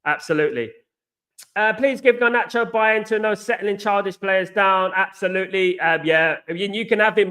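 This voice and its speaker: A man's voice: high-pitched, normal speed, bright, forceful tone. A man hosting a casual live chat, reading out viewer comments and answering emphatically, often repeating himself. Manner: emphatic, repeats "absolutely" and "you know what".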